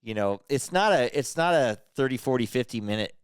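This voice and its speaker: A man's voice: medium pitch, expressive, fairly quick, smooth, dry recording, clean studio sound. A man in his forties co-hosting a podcast in casual chat, rambling and interrupting himself as he tells stories. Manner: rambling, self-interrupting storyteller. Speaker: podcast co-host.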